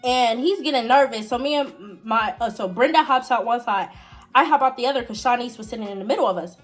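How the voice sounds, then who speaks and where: A young woman tells her viewers a story at a brisk pace while soft music plays behind her. Her tone is casual and chatty, she speaks directly to the audience, and her pitch swings widely when she gets excited.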